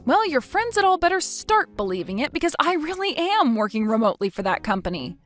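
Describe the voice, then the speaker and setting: Lively, firm woman reading a text story. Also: high voice, fairly quick, soft background music. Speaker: story narrator.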